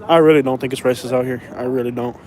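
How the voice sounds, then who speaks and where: A man's voice: medium pitch, steady tone, fast, darkish tone. Rambling Southern man vlogging outdoors. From Florida. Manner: rambling, repeats himself, slangy street talk. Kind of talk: casual walking vlog. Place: outdoors on a snowy windy street. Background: traffic and outdoor ambience.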